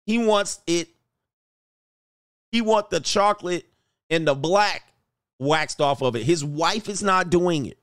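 A man's voice: high voice, slow, pauses often, fairly bright tone, smooth, no echo, studio quality, soft background music. A man hosting a livestream as a relationship coach, brash and crude, joking and talking straight to his chat. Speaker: relationship coach and show host. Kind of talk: livestream commentary.

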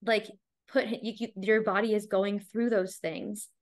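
A woman's voice: medium pitch, little pitch movement, unhurried. Chatty American woman podcast host. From United States. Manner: chatty, many fillers, laughing easily. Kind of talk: casual chat.

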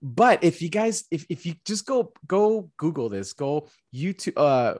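A young man hosting a casual film review chat, lively and quick to laugh. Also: on the high side, dry recording, studio quality. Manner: laughs often, lively and chatty. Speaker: film review show host.

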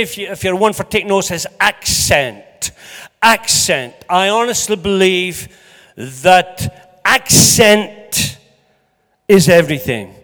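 A man's voice: high-pitched, fairly bright tone. A Scottish man preaching a sermon to a congregation in a chatty, joking, emphatic way. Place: church hall. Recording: hall reverb.

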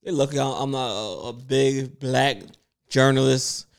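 Gravelly man in blunt casual chat. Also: medium pitch, fairly even intonation, a little slow. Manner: blunt, profane interjections.

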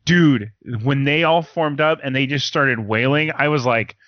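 A young man in casual chat as a podcast co-host, excitedly retelling scenes and swearing. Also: medium pitch, unhurried, no echo. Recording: dull lo-fi sound.

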